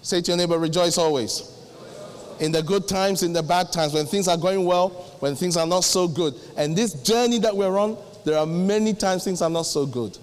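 A middle-aged male pastor preaching, acting out little dialogues with sudden jumps in pitch. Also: fairly quick, few pauses, clean tone. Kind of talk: sermon. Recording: long hall reverb.

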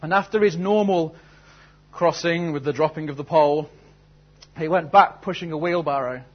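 A man's voice: a little high, moderate pace, lo-fi sound. A man preaching a sermon, telling a story and then asking earnest, searching questions. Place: church service.

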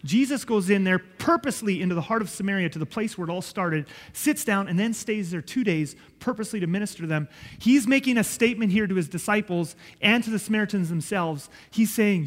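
A man's voice: sits high, long reverb tail. A man preaching a sermon, emphatic and conversational, often checking in with his listeners. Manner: emphatic, repeats and checks in with "okay?".

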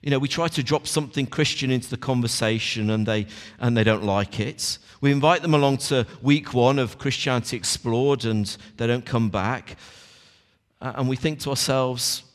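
Speaking at a normal pace in a middle pitch, a man preaches a relaxed morning sermon straight to the congregation, as if in conversation with the people before him. His voice echoes with long reverb through the church hall.

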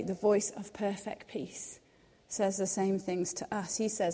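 A young woman gives a devotional talk in a mellow, soft-edged voice. She sounds earnest and reassuring and drops softer when she quotes scripture. Her voice carries a long hall reverb. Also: mid-range voice, flat delivery, measured pace. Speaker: devotional speaker. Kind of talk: devotional teaching.

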